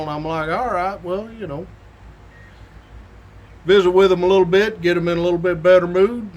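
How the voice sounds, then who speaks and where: His voice sits high, at normal speed with frequent pauses. He's a middle-aged state police sergeant hosting a weekly show, drawling out folksy stories in a casual monologue and chuckling throughout.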